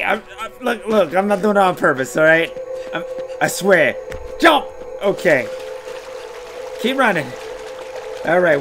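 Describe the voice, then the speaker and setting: A man's voice: on the high side, animated, moderate pace, over music. Jumpy, swearing man streaming a game. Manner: swears a lot, yelps and shouts when startled. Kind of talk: casual gameplay commentary.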